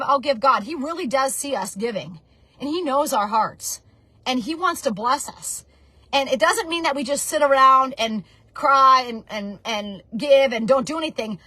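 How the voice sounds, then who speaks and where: A woman's voice: high-pitched, animated, moderate pace, pushed and bright, no echo. A woman in her forties giving a fervent, preachy motivational talk about network marketing. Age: 40s. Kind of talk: motivational monologue.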